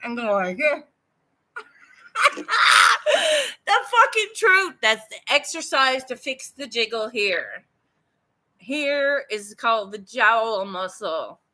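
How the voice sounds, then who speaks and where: An artist vlogger from Newfoundland, Canada, speaks in Newfoundland English with a fairly high, sharp-toned voice. Chatting live and casually with her viewers, she's blunt, swears freely and laughs often.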